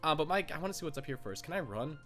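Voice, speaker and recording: An excitable young man giving let's-play commentary. His voice is high and bright, and it jumps around a lot. He rambles happily over faint game music. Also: racing. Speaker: gaming YouTuber.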